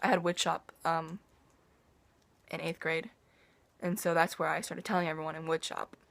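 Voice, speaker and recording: A woman's voice: sits low, little pitch movement, moderate pace, creaky, fairly bright tone. A teenage girl talking straight to her camera in a loose, rambling vlog. She drifts through her story with sighs, restarts and little asides, in an easy, everyday voice. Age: teens. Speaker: vlogger. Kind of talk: casual personal vlog.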